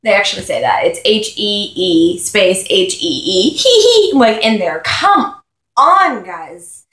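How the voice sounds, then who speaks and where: A woman's voice: medium pitch, expressive, slow pace, a bit bright. Wry woman reviewing a book in an echoey room. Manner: wry, sarcastic asides. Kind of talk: casual chapter review, reading aloud.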